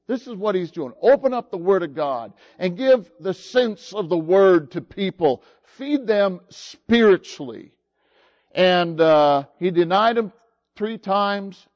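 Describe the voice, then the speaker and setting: A man preaching a sermon, retelling a story slowly and haltingly with many pauses and fillers. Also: fairly high pitch, a little mellow, dull audio.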